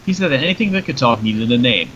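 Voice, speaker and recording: A matter-of-fact talking rattlesnake who jokes as he explains his rules, voiced by a man reading a story. The voice is bright and clear. The recording sounds dull and lo-fi, with a faint hiss. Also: mid-range voice, lively intonation, fast talker, lightly acted. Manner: chatty, joking, matter-of-fact. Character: wry talking rattlesnake granting wishes, male.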